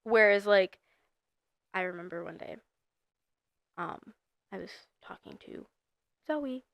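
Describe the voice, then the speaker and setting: A woman's voice: mid-range voice, expressive, slow pace, gravelly, a bit bright, no room sound. A nineteen-year-old woman co-hosting a casual podcast, rambling with lots of fillers and bursts of emphasis. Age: young adult. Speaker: podcast co-host. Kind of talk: casual chat.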